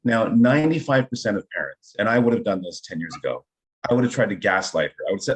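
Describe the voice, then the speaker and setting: A man with a fairly low voice talks in a relaxed interview, speaking as an improv teacher. He is middle-aged and enthusiastic, and he builds his points through personal stories. He keeps checking in with "right?" as he goes. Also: fast talker. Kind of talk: conversational interview storytelling.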